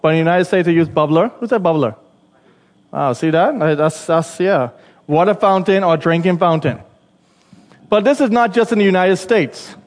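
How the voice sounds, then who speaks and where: A man's voice: high voice, in a large hall. A Bahamian man preaching a sermon, chatty and conversational, with asides to the congregation. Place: church.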